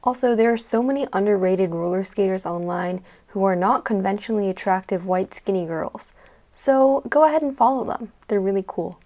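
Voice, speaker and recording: A woman's voice: mid-range voice, normal speed, mellow. A teenage girl narrating her own vlog in a chatty, playful, self-deprecating way. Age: teens. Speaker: vlogger. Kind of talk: casual voice-over narration.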